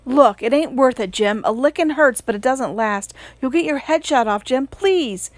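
A woman's voice: high-pitched, expressive, moderate pace, no echo. An anxious young girl from a storybook, as a woman reader puts her on, begging and pleading in a raised, urgent voice. The sound is close and dry.

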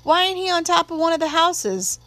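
A woman's voice: very high voice, very animated, brisk, a bit bright, voice pushed up, full character voice. A woman reading an audiobook, voicing a curious, frightened young girl who asks plain, questioning things. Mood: worried.

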